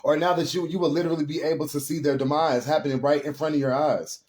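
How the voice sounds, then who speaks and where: Speaking fast in a steady, somewhat high voice with a darkish tone, this tarot reader gives a casual spiritual reading to his viewers. His delivery is heartfelt and meandering, and he keeps addressing them as "y'all."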